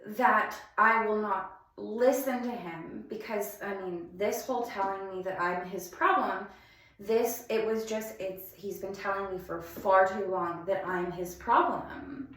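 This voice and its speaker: A young woman telling a painful personal story in a halting, emphatic way, often restarting her sentences. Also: medium pitch, fairly bright tone. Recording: very echoey room.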